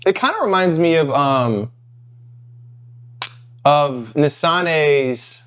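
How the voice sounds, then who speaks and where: A man hosting a casual review vlog, chatting off the cuff. His voice sits a little higher than most men's, and he thinks out loud, trailing into fillers and correcting himself as he goes. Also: lively intonation, very slow, slight background noise. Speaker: fragrance reviewer, channel host.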